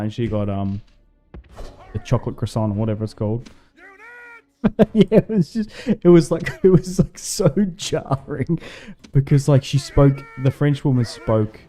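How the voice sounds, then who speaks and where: Man, gaming livestreamer, casual rambling chat, frequent laughs, dark mellow voice, faint game music behind. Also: mid-range voice. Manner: rambling, laughing often, lots of fillers. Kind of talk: casual chat while streaming a strategy game.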